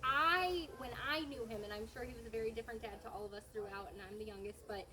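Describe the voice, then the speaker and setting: A woman's voice: a little high, fast, crowd noise. A middle-aged woman giving a heartfelt, rambling tribute at a family gathering, laughing often as she tells stories. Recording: noisy background.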